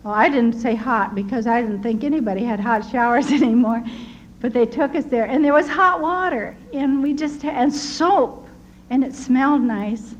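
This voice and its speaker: An older American woman earnestly recounting personal wartime memories in a tender, animated storytelling manner, with a slightly dull recording and faint hiss. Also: fairly high pitch, moderate pace. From United States. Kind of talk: personal testimony.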